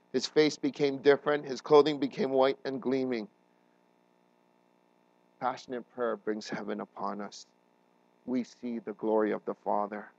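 A man preaching a sermon as a pastor, earnest and emotional, his voice building to loud emphatic peaks. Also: mid-range voice, no echo, dull audio. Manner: emotional, voice rising and breaking while retelling a crisis.

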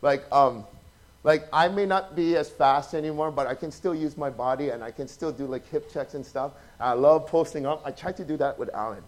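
A man preaching an informal sermon, telling stories in a chatty, animated way and often asking his listeners questions. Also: fairly high pitch, fairly quick. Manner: chatty, animated, acts out quotes, asks the audience questions.

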